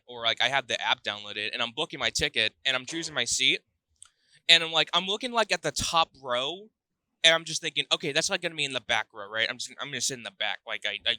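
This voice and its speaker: A man's voice: fairly high pitch, bright, forceful tone, clear, resonant tone, no room sound. A young man from Missouri, a podcast guest telling a rambling story in casual chat, often restarting his sentences. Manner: rambling, self-interrupting storyteller.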